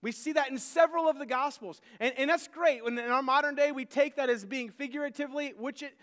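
A man with a very high voice delivers a sermon, pressing his points with emphasis. He often restarts and repeats words mid-thought. His voice carries a long reverb from a large hall. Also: fast talker, fairly bright tone. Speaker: preacher.

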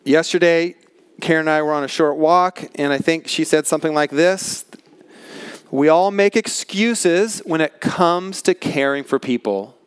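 A man preaching a sermon as pastor, earnest and emphatic, slowing down to stress key words. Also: a little high, smooth, no echo. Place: large tent.

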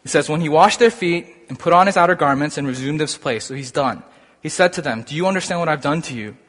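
Talking fast, a male preacher with a fairly high-pitched voice moves through scripture, his delivery animated and rising to excited peaks. His sermon echoes with a long reverb in a hall.

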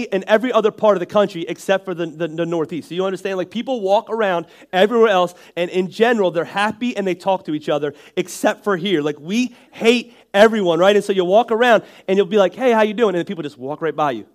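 A high-pitched male pastor with a nasal Northeastern American accent. He preaches in a chatty, joking tone, restarting lines and tossing out asides to the congregation. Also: fast, hardly any pauses. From Northeastern United States. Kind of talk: sermon.

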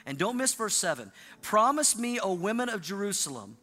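A male pastor delivers an animated sermon, his voice high and sharply bright. He gets the congregation to repeat lines back to him. The sound carries the long reverb of a large church hall. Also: normal speed. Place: church sanctuary.

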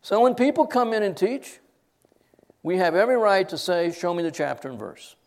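A middle-aged man preaches an expository sermon in a somewhat high, sing-song voice at a moderate pace. He's emphatic, insistent and direct, pushing his voice up sharply for stress and letting it drop to near quiet.

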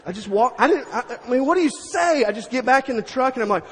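Middle-aged male preacher, high husky voice, lively storyteller, echoing hall. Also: quick pace, slight background noise. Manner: animated, acts out scenes with sound effects. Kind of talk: storytelling sermon.

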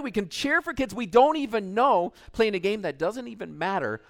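A middle-aged man preaching a sermon, animated, swinging between shouted cheers and quiet asides. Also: high voice, normal speed, creaky, few pauses. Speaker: pastor.

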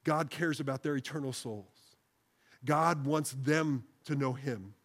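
Man, pastor, sermon, church service, earnest prayer, slows for repeated phrases, mid-pitched. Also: fairly bright tone. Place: church sanctuary, broadcast service.

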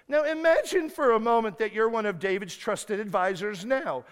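Male guest preacher, clear resonant voice, high-pitched, emphatic and repetitive, echoing church hall. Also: moderate pace, few pauses. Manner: emphatic, repeats words and restarts, acts out prayers. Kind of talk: sermon. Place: church sanctuary. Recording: long hall reverb.

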